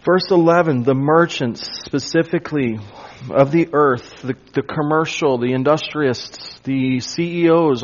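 A man preaching an expository sermon, emphatic and dropping to a hush on key points. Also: on the high side, highs cut off. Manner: emphatic, drops to a hush for weight. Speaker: pastor.

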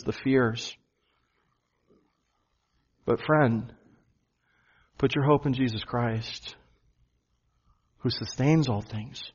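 A man preaching a sermon to his church, earnest, slowing down and stressing key phrases. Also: medium pitch, highs cut off. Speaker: pastor.

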